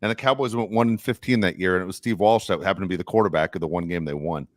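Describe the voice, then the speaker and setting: A middle-aged man co-hosting a sports podcast, telling animated stories and acting out quotes. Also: low-pitched, very fast, dry recording, clean studio sound. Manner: animated storyteller, acts out quotes. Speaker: podcast co-host. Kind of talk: casual sports chat.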